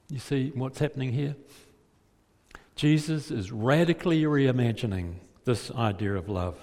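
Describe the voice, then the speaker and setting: A male preacher retells a gospel scene vividly, pausing to ask his listeners rhetorical questions. His voice sits at a middle pitch. A long reverb from a large hall trails each phrase. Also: darkish tone. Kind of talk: sermon storytelling.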